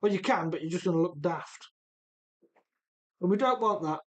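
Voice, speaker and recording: A man's voice: high voice, expressive, normal speed, fairly bright tone. Casual streamer host, male, Midlands-Welsh blend of accent, easygoing chat read straight off the comments. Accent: mix of English Midlands and Welsh. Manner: chatty, reads viewer comments aloud while rebuilding an RC car. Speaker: livestream host.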